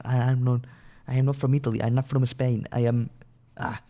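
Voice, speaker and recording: A man's voice: mid-range voice, little pitch movement, a little fast, warm tone. Chatty young man rambling over gameplay. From small European country. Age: early 20s. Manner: rambling, chatty, with frequent restarts, swearing and laughter. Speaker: gaming channel host. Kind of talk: casual gameplay commentary. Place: at home at his computer.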